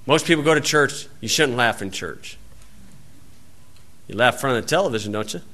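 A man preaching a sermon in a folksy storytelling way, acting out the people in his stories and shouting out scripture. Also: medium pitch, lively intonation, fairly quick. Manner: folksy storytelling, acts out voices, loud shouted quotes.

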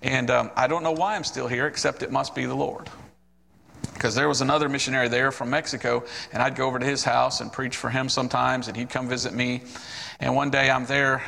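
A man's voice: medium pitch, creaky, big-room sound. A man in his forties, a missionary preacher, telling his testimony in a sermon, acting out the people in his story. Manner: storytelling, animated quoted voices.

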